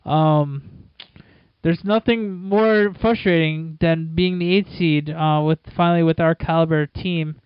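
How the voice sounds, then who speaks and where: A man's voice: fairly high pitch, steady tone, measured pace, clear, resonant tone, no room sound, muffled recording. A man co-hosting a casual sports podcast, wry and sarcastic. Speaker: podcast co-host.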